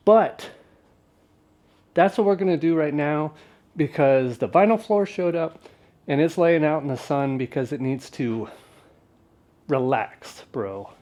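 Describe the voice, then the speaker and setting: Man, laid-back wry garage vlog, offhand jokes, mid pitch. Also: dark tone. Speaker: vlogger working on an old truck.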